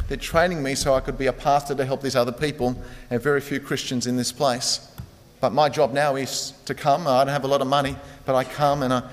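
Male preacher in a reverberant hall. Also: medium pitch. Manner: conversational storytelling, many fillers. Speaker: pastor. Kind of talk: sermon.

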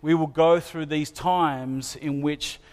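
A man's voice: on the high side, fairly even intonation, takes it slowly. A man preaching a sermon in an earnest manner, asking his listeners searching questions. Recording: long hall reverb.

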